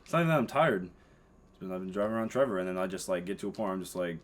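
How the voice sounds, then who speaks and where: Deep-voiced young man musing haltingly. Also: expressive. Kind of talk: casual chat.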